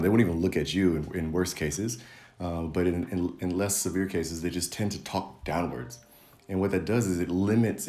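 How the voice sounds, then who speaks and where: Man, very low voice, easygoing coach tone, faint music underneath. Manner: relaxed, coaching, demonstrates sounds. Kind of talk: casual video lesson.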